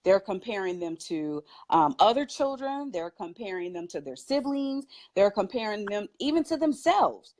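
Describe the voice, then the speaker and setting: A woman who is a mother, speaking as a talk show guest and giving parenting advice in an emphatic, animated way, laughing often. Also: medium pitch, normal speed, few pauses, a little hiss or hum. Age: adult with children.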